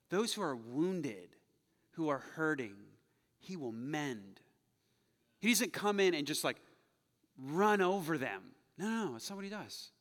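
A man preaching a sermon as a pastor, animated and jokey, swinging between loud excited bursts and quiet, hushed passages. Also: a little high, big-room sound.

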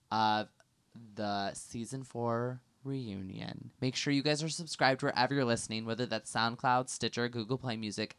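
Smooth-voiced young man co-host. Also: mid-range voice, fairly bright tone, no echo. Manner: agreeable, filler-heavy, quick to react. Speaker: podcast co-host. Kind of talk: casual chat.

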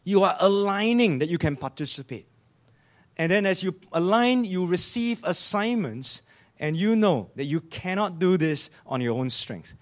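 High-voiced earnest preaching man. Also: lively intonation, moderate pace. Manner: earnest preaching with rhetorical questions, often dropping low and soft. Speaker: pastor. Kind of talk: sermon.

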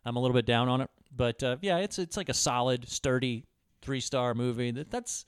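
A man co-hosting a casual movie podcast, dropping dry deadpan one-liners. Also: mid-range voice, brisk, clear, resonant tone, no echo. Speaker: podcast co-host. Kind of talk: casual film discussion.

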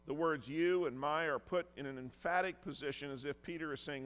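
A man's voice: on the high side, fairly quick, fairly bright tone, long reverb tail. A man preaching a sermon as pastor, earnest and emphatic, acting out quoted lines with feeling.

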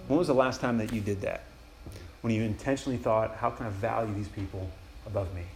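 A man's voice: on the low side, fast talker, darkish tone, soft background music. A young man giving a casual, enthusiastic retreat sermon, acting out inner prayers as he goes. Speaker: campus ministry speaker. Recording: echoey room with faint ambience.

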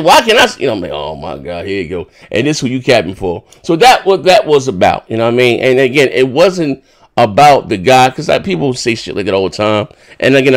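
A man hosting a podcast in casual chat, rambling and swearing as he retells a dispute with animated indignation. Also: mid-range voice. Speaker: podcast host.

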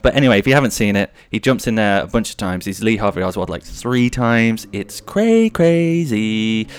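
A man's voice: fairly low pitch, steady tone, fast talker, clear, resonant tone. A man in his thirties hosting a podcast solo, rambling through jokey anecdotes. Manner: rambling, jokey, slips into silly voices. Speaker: podcast host.

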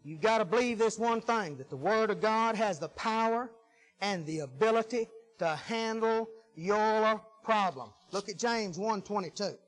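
Folksy preacher man, high voice. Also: measured pace, rough recording. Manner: folksy, emphatic, swings from loud to hushed. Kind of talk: sermon.

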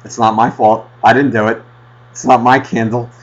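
A man casually telling a rambling childhood story on a podcast, swearing constantly and getting animated. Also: mid-range voice, moderate pace. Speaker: podcast host. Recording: dull lo-fi podcast audio.

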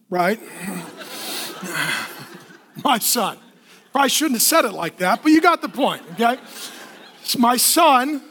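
A man preaching a sermon in a church with a very high, bright, forceful voice. He tells stories with energy, acts out other people's voices, and keeps asking the congregation to answer back. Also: takes it slowly, long pauses. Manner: animated storytelling with acted kid voices, asks the congregation for responses. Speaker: pastor.

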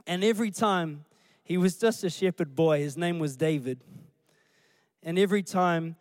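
A man, a pastor preaching a sermon through animated storytelling. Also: on the high side, moderate pace, dry recording. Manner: animated storytelling, acting out scenes.

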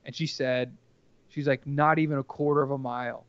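A man's voice: medium pitch, fairly even intonation, brisk, clear, resonant tone, no room sound, dull audio. A man telling a personal story casually as a podcast guest, rambling and earnest, with lots of filler words.

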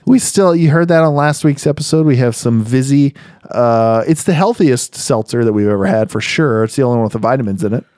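A man hosting a casual podcast over beers, joking, laughing loudly and swearing freely. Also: medium pitch, a little fast, no echo, studio quality. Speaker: podcast host.

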